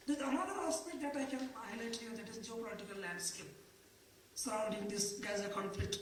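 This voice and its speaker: A woman's voice: fairly high pitch, a little hiss or hum. A woman giving a conference panel presentation, hesitant, with many fillers and restarts. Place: conference room. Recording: echoey hall, distant mic.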